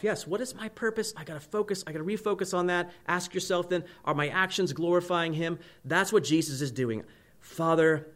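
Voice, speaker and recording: Man preaching in a chatty way. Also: a little high. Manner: conversational preaching, frequent "right?" tag questions. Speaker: pastor. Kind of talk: sermon.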